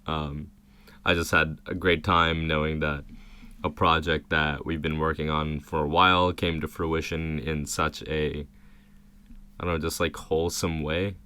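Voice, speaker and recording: A young man co-hosting a podcast, relaxed and agreeable in casual chat. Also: extremely low pitch, unhurried, clear, resonant tone. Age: young adult. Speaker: podcast co-host.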